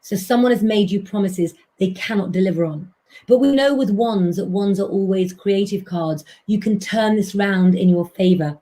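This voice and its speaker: A woman's voice: mid-range voice, moderate pace, dark tone. A woman hosting a live stream as an astrologer and tarot reader, talking chattily to her viewers and calling them "guys".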